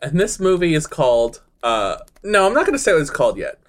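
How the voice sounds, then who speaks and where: A man's voice: a little high, very animated, a little fast. A man co-hosting a podcast in casual chat, playful and jokey. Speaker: podcast co-host.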